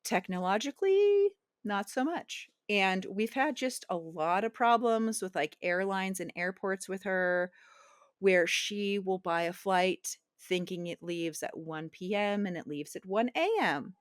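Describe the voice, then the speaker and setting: A woman in her thirties, a podcast guest telling a personal story in an animated way and acting out the dialogue. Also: mid-range voice, unhurried, clear, resonant tone, no echo, studio quality. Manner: animated, acts out quoted dialogue.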